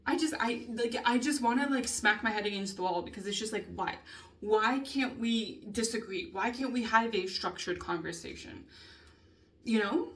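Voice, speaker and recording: A woman's voice: on the high side, moderate pace, a bit bright. A young adult woman vlogging a casual spoken journal, rambling with lots of fillers, swearing, laughing and sighing as she talks. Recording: voice a bit far from mic.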